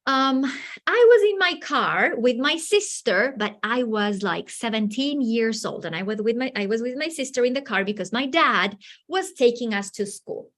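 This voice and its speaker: A woman giving a teacher training talk, animated and acting out little dialogues from her stories. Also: fairly high pitch, moderate pace. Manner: animated, acts out dialogues in quoted voices.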